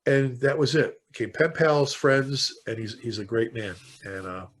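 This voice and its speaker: An older man, a fire chief, talking as a podcast guest and telling stories in an animated, conversational way. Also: mid-range voice, slightly rough. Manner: animated, quickly quotes people in stories. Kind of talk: conversational storytelling.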